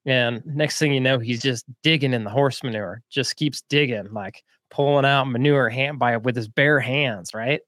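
A man co-hosting a podcast, telling a story in a relaxed, chatty way, with frequent laughs and fillers. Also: mid-range voice, no echo, clean studio sound. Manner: laid-back, laughs often, quick bursts with lots of fillers. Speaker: podcast co-host. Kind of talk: casual storytelling chat.

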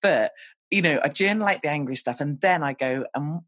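A husky-voiced woman in her forties speaks frankly and pokes fun at herself in a relaxed podcast conversation. Her voice is close and dry on the mic, with little room sound. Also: low-pitched, brisk, dry recording. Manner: candid, self-deprecating and chatty. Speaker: podcast guest. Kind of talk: casual conversation.

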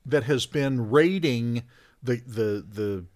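A man telling a camp story in casual talk, animated, getting louder at the funny parts. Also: mid-range voice, slow. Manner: animated storyteller, rising loud for punchlines. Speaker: podcast guest, hunter.

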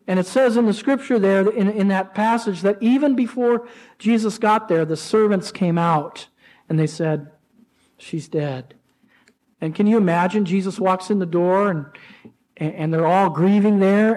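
A man preaching a sermon to his church, with rising emotional pleas and dramatic pauses. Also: high-pitched, darkish tone, low-quality recording. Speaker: pastor.

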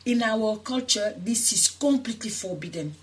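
A woman's voice: on the high side, lively intonation, normal speed. A woman activist from Senegal who grew up in France, telling her personal story in an interview, earnest and emotional, with many restarts. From Senegal, raised in France. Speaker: activist guest.

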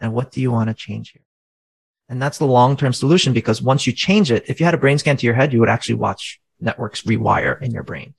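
A man's voice: medium pitch, a little fast, vocal fry, poor audio. A man in his thirties, a faith-based coach, earnestly explaining in casual conversation and often asking rhetorical questions.

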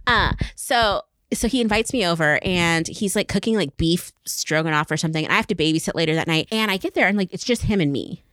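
A woman's voice: lowish voice, brisk, few pauses, no room sound, studio quality. A woman around forty, co-hosting a podcast in casual chat, telling stories animatedly with many "like" fillers. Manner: animated storyteller, acts out quotes, many "like" fillers. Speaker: podcast co-host.

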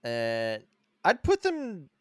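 A man's voice: fairly high pitch, very slow, clean tone, dry recording, studio quality. A man on a two-person podcast, telling a story in casual chat, swearing a lot and acting out the people he quotes. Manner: swearing, animated retelling with quoted voices. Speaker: podcast co-host.

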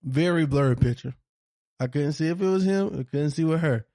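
A man's voice: a little high, brisk, mellow, no echo, studio quality. A man co-hosting a casual podcast chat, heated and profane, repeating his points for emphasis. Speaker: podcast co-host.

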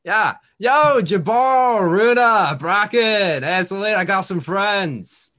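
A man voicing a loud, friendly young male adventurer who talks in slang. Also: sits high, expressive, unhurried, voice pushed up, heavily acted. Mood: excited. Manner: boisterous, upbeat, slangy.

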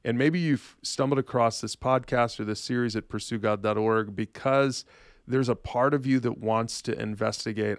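A man's voice: medium pitch, gravelly, dry recording, clean studio sound. A man hosting a faith podcast, speaking earnestly and directly to his listeners. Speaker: podcast host.

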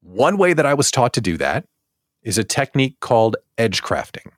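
A man hosting a casual live morning show from his basement, jokey and animated, acting out little scenes as he talks. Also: medium pitch, moderate pace, dry recording, clean studio sound. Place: home basement studio.

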